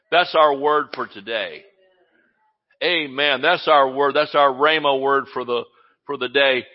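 A male pastor preaching a sermon in an animated, exclamatory way, often laughing as he speaks. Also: medium pitch, a little slow, lo-fi sound.

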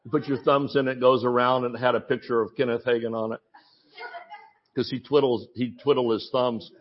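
A man preaching a sermon as pastor, telling stories with animated asides and mimicking voices in quotes. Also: medium pitch, brisk, lo-fi sound.

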